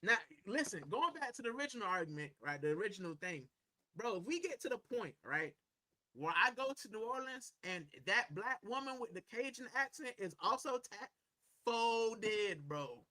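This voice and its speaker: Livestreaming from a corner of his home, a man speaks in a high, very bright, forceful voice, very animated but at normal speed. He rambles casually while answering comments and slips "bro" into almost every sentence.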